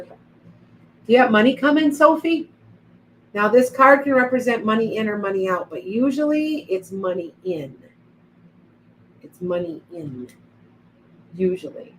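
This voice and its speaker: A middle-aged woman chats loosely through a live psychic reading stream, drifting between tangents and replies to viewers. Her voice sits at an ordinary pitch for a woman. A faint hiss of noise runs under her webcam sound. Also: low-quality recording. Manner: chatty, rambling, reads viewer comments aloud. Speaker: psychic livestream host. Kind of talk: casual live-stream chat.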